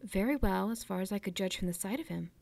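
A woman's voice: medium pitch, fast, gravelly, darkish tone. A woman reading aloud, voicing an earnest young male ship's mate with a respectful, plainspoken manner.

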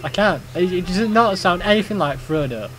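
A man's voice: sits high, expressive, moderate pace, fairly bright tone. A young man co-hosting a let's play video, chatting and laughing as he plays. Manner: chatty, laughs often, eager to react to the game. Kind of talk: casual gaming banter.

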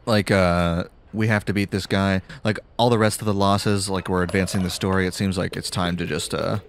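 A man's voice: sits low, flat delivery, normal speed, slight background noise. A man chatting casually while playing a video game, rambling and restarting his sentences. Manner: rambling with lots of fillers and restarts. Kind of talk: casual gameplay commentary.

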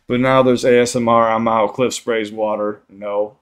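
A man casually chatting on a livestream while high, swearing a lot and reading chat aloud. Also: takes it slowly, clean tone. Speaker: live streamer.

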